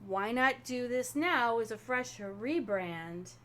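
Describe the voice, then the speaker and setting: Bright-voiced woman running a game. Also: on the high side, slow pace, slight background noise. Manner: animated, explains at length with restarts. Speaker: game master. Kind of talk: narrating a tabletop role-playing game.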